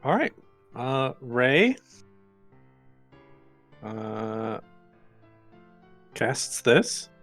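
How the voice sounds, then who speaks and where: A woman's voice: extremely low pitch, sing-song, very slow, pauses often, faint music behind. A woman playing in a tabletop role-playing game, speaking in a mocking, teasing way. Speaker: player.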